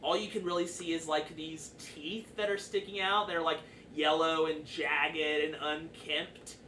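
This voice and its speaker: A man's voice: fairly high pitch, flat delivery, measured pace, sharp tone. A man narrating a tabletop game as dungeon master, loose and chatty with lots of fillers. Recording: echoey room, far from the mic, faint noise.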